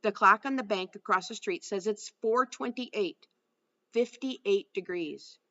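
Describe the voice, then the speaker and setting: A woman narrating a first-person novel aloud with a steady storytelling delivery. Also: medium pitch, measured pace, dull audio. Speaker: audiobook narrator.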